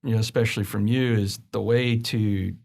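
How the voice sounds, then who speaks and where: A man, a business coach, a guest on a podcast, telling stories in an animated, conversational way. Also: fairly low pitch, normal speed, gravelly. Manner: animated storytelling, acts out quoted people.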